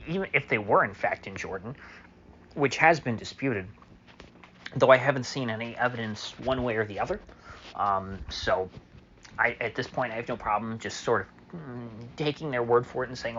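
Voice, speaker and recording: A man's voice: mid-range voice, normal speed, a bit bright, muffled recording, a little hiss or hum. A man delivering a solo opinion monologue as a political commentator, sarcastic and mocking, with many fillers.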